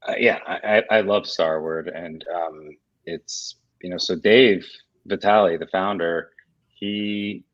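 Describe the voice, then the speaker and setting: A man talking casually as a guest in an interview, relaxed and rambling, with lots of fillers and restarts. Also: low voice, slow pace, no echo, highs cut off. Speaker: guest, whiskey portfolio director. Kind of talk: casual video-call interview.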